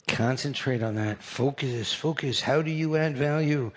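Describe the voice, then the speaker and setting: An older man with a New York accent giving a brash, animated conference keynote, teasing the audience. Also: mid-range voice, normal speed, hardly any pauses. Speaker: keynote speaker.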